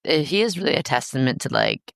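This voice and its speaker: A woman hosting a podcast, telling stories in a lively, self-deprecating, goofy way. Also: rumbling low, fast, creaky, no room sound, studio quality. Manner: animated, self-deprecating storyteller. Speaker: podcast host. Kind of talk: casual chat.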